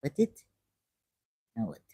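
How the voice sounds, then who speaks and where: A woman's voice: slow, mellow. A woman giving casual, sarcastic commentary while reading aloud from a screen. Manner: sarcastic, mocking. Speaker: video creator.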